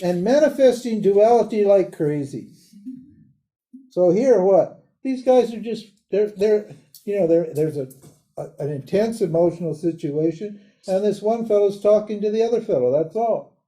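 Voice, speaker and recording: An older man giving a live lecture on a spiritual text in a casual, animated way, laughing often and mimicking other people. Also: high voice, moderate pace. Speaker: Vedanta teacher.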